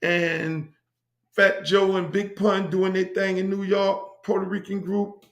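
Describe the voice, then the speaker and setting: A man's voice: high-pitched, level tone, slow, echoey room. A middle-aged man from Miami hosting his own show, telling stories in a brash, profane, repetitive way. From Miami, USA. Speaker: host. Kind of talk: casual storytelling monologue.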